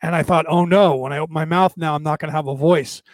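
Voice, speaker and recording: A man hosting a show, talking casually to his listeners in a halting way, with restarts and repeated words. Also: on the high side, steady tone, no echo. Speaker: show host. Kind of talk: casual solo talk to listeners.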